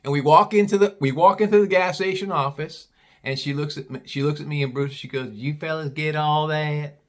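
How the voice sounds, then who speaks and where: A man's voice: fairly high pitch, steady tone, brisk, a bit bright. A man from Ohio telling a casual story, rambling and repeating himself, with the odd curse word. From Cincinnati, Ohio.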